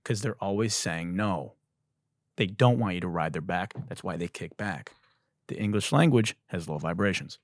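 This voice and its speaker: A man hosting a comedy podcast, riffing on wordplay in a profane, animated monologue, his voice a little hoarse. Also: low-pitched, normal speed, no room sound, studio quality. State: slightly hoarse. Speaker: podcast host.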